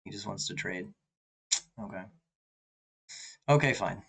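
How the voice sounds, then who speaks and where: A man's voice: fairly low pitch, a little slow, gravelly, a bit bright. A man streaming an online chess game, thinking aloud in an anxious, self-deprecating way. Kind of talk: live commentary while playing online chess.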